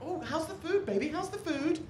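A man's voice: very high voice, animated, a little fast, a little hiss or hum, pitched above the performer's own voice. A man voicing a doting young girlfriend who coos and coaxes her partner. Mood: cooing. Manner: cooing, coaxing. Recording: echoey rooftop with loud crowd.

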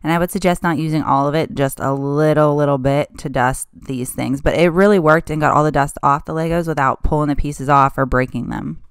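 Smooth low-voiced woman vlogger. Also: fairly even intonation, brisk, few pauses, no echo, clean studio sound. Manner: chatty, friendly, with casual fillers like "like". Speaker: home cleaning and makeover vlogger. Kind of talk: casual voice-over narration.

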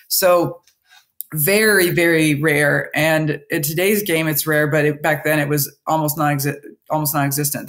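Woman, podcast guest, candid, animated storytelling. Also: low voice. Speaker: podcast guest, baseball coach. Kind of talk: interview storytelling.

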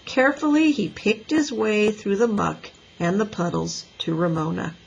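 A woman teacher reading a children's book aloud with an expressive, lively voice. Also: medium pitch, normal speed, creaky, lo-fi sound, slight background noise. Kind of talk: storybook read-aloud.

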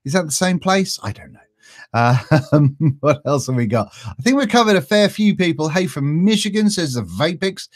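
A man hosting a casual live stream, reading out viewer greetings in a chatty, self-mocking way and stumbling over names. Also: fairly high pitch. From East Anglia. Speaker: vaping channel host.

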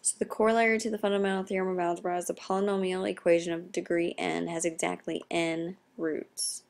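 A young woman, a math teacher, explaining a recorded lesson in a quiet, half-whispered voice. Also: on the low side, little pitch movement, a little fast, gravelly.

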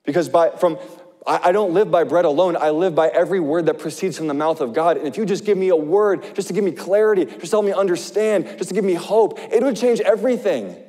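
A male pastor preaching an impassioned sermon, swinging between loud urgent passages and hushed ones. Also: high-pitched, quick pace, in a large hall.

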